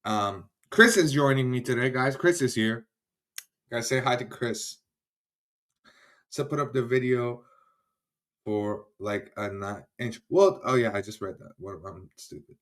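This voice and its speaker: Guy running a live stream, loose and chatty, says hi to everyone in chat, mid-pitched voice. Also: measured pace, a bit bright. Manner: greets viewers by name, chatty and loose; laughs easily, trails off and restarts. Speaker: livestream host.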